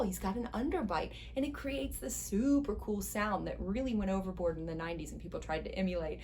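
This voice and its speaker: A woman voice teacher giving a casual, encouraging singing lesson, chatting and now and then breaking into high sung slides. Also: a little fast, few pauses, darkish tone, slight background noise. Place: music school studio.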